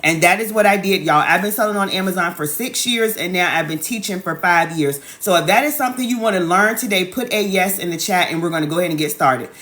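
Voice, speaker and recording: A woman's voice: lowish voice, quick pace, few pauses, a bit bright. Chatty woman hosting a live stream. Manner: chatty, repeats calls to the audience, says "y'all" and "okay" often. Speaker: online business coach hosting a live stream. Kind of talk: casual live-stream sales talk. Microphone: phone.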